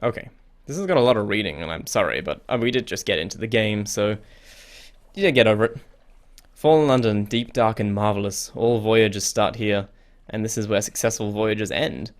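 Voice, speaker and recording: A young man hosts a casual let's play, reading the game's text aloud and reacting chattily. His voice is lowish and a little fast, with faint game music in the background.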